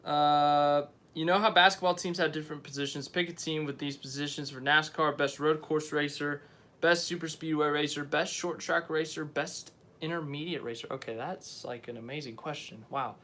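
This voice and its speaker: A man's voice: fairly high pitch, steady tone, moderate pace, sharp tone. A young man hosting a casual live stream, rambling and often correcting himself as he answers viewers. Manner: rambling, unsure, self-correcting.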